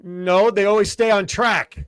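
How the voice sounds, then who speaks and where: A man's voice: sits high, fairly even intonation, measured pace, a bit bright. A man hosting a casual radio show, telling dad jokes and repeating each setup twice.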